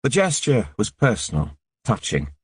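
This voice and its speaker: A man narrating an audiobook in a measured, sombre reading. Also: fairly low pitch, huge pitch swings, slightly rough, no echo, clean studio sound. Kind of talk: scripted narration.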